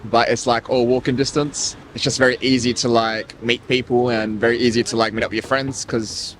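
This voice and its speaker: A young Australian man with an Australian accent, answering a street interview in a relaxed, hesitant way, full of filler words. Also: medium pitch, fairly quick, slight background noise. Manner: relaxed, hesitant, lots of likes and laughs. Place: city street outdoors.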